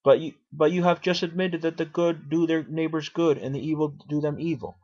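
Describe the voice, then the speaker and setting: A man's voice: a little high, steady tone, fairly quick, darkish tone, pitched above the performer's own voice, natural voice. A man voicing an aged male philosopher defending himself in court, arguing and questioning in a dramatic reading on a dull lo-fi recording. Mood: defiant. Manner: argumentative, questioning.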